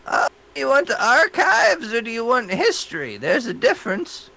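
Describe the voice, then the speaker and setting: A woman's voice: a little high, huge pitch swings, moderate pace, creaky, sharp tone, voice pushed up, heavily acted. A man voicing a prim, fussy librarian woman of about ninety. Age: 90s.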